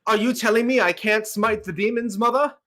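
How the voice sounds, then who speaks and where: A man's voice: sits high, brisk, sharp tone, pitched above the performer's own voice. A man voicing a prim, proper English boy pleading with his mother, in a put-on English accent. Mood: indignant. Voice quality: pompous, theatrically proper.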